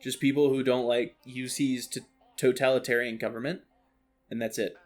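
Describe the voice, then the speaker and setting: A man ranting about a video game, animated, exasperated and full of swearing. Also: medium pitch, moderate pace. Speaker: streamer. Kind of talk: ranting gameplay commentary. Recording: faint lo-fi music underneath.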